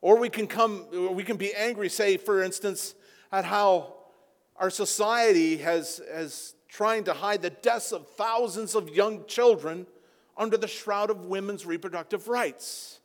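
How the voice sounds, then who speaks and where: A man with a high voice preaching a sermon, his delivery swelling into loud, impassioned peaks. His voice rings out with a long reverb, as in a church sanctuary. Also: a little slow. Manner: impassioned, building to near-shouting peaks. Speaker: pastor.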